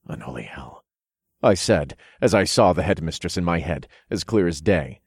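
Deep male narrator, steady storytelling, dry studio read. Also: normal speed, slightly rough, no echo. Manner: low steady storytelling, voices characters. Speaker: audiobook narrator. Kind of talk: first-person fiction narration.

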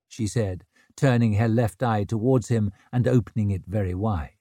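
A man narrating a novel in a measured, unhurried way. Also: fairly low pitch, dark tone, no room sound, clean studio sound. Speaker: audiobook narrator. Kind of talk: scripted narration.

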